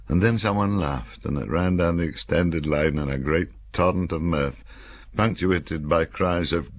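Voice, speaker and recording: An older man from Cumbria reads his own memoir aloud, wry and dry-humoured. His voice is extremely deep and gravelly, with a husky grain, yet it moves lively through the lines. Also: moderate pace. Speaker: author reading his memoir. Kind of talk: audiobook memoir narration.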